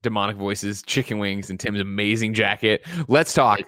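A man's voice: on the low side, fairly even intonation, moderate pace, pushed and bright, no echo, studio quality. A man hosting a casual show, brash and profane, rattling through the show intro with big energy. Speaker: co-host.

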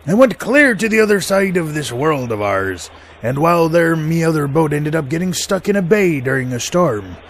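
A man's voice: on the high side, sing-song, moderate pace, a little hiss or hum. A man hosting a podcast in a comic pirate character, with a mock pirate accent, laughing at his own jokes.

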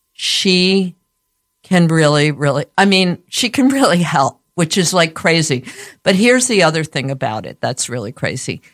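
A woman with a raspy voice hosts a loose, chatty radio show. Her talk rambles, breaks off mid-sentence and restarts, with a slight lisp on some sounds. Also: low voice. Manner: slightly lispy speech.

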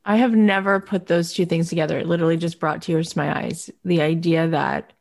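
A woman with a fairly low voice hosts a podcast conversation. She tells personal stories in an open, emotional way, her speech full of casual fillers. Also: fairly even intonation, a little fast, creaky, a little mellow. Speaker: podcast host.

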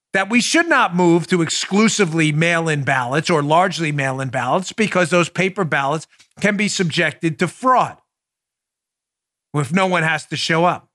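A man hosting a political talk show, excitable and loud, with a sarcastic edge. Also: a little high. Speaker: podcast host.

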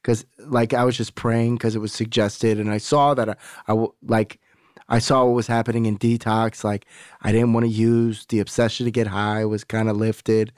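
In a relaxed storytelling chat on a podcast, a male guest rambles candidly, swears freely, and acts out what others said. He has a fairly low, smooth, slightly mellow voice with a level tone at normal speed, and the studio recording has no echo.

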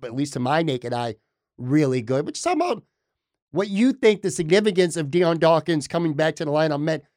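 A man's voice: fairly high pitch, big pitch swings, a little mellow, no room sound, studio quality. Chatty upstate New podcast host guy. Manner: upbeat, chatty, quick rapid-fire questions. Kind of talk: casual sports chat interview. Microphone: remote computer call.

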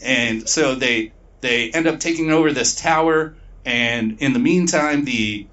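A man's voice: mid-range voice, a bit bright, recorded from a distance. A man talks through a story's plot in loose, rambling chat, swearing freely and dropping into brief mock voices for the characters. He sits back from the mic, and the recording sounds dull and muffled. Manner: profane, rambling retelling with quick put-on voices. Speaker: podcast co-host. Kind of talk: casual plot recap.

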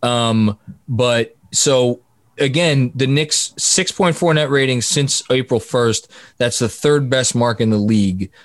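A man's voice: medium pitch, slow, no room sound, studio quality. A man co-hosting a casual sports podcast, reeling off statistics and laughing at his own numbers. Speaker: podcast co-host.

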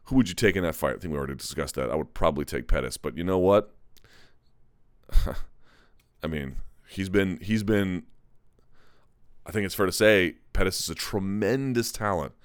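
A man's voice: low-pitched, normal speed, pauses often, clear, resonant tone, no echo, studio quality. A man hosting a live chat, talking candidly in a rambling, self-correcting way. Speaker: MMA live chat host. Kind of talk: casual live-stream commentary.

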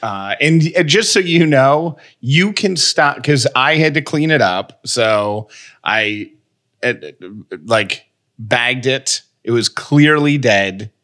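A man co-hosting a casual podcast with a bright, forward voice at a middle pitch. He keeps a steady tone and slips in dry jokes. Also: takes it slowly. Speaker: podcast co-host. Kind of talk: casual chat.

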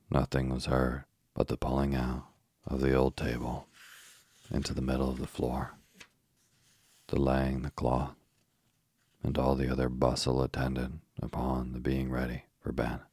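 A man narrating a storybook in a low gravelly voice, measured and unhurried. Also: monotone, darkish tone, no room sound, studio quality. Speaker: audiobook narrator. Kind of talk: storybook reading.

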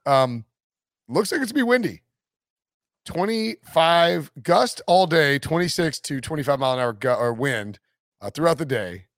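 A man hosting a sports betting podcast, talking in a jokey, animated way and laughing often. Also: a little high, moderate pace, no echo, studio quality. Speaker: podcast host. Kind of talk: casual sports betting chat.

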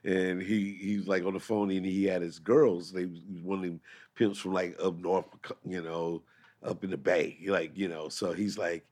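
A man's voice: low-pitched, fairly even intonation, normal speed. A man, a comedian, telling a story in casual chat and voicing the people in it. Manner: laid-back, drops into loud impressions.

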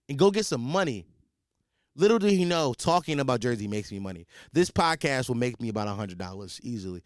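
A man hosting a podcast, telling a comic story in a profane, rambling, animated way. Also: medium pitch, brisk, no echo, studio quality. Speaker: podcast host. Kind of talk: comedic storytelling.

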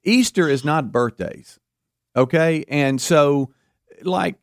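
Animated middle-aged male radio co-host. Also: on the high side, slow pace, dry recording, clean studio sound. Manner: animated storyteller who acts out quotes. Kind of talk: casual chat. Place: radio studio.

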